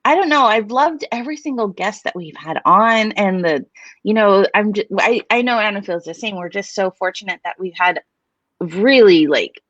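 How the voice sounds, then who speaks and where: Woman co-host, rambling casual chat, very lively pitch, dull lo-fi call sound. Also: normal speed, no echo. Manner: chatty, rambling, many fillers and restarts. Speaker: podcast co-host. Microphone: live stream video call.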